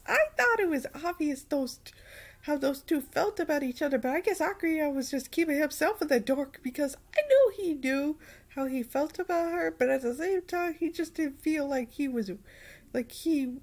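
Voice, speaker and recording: A woman giving a casual anime review, rambling and repeating herself in an animated way. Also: high voice, moderate pace.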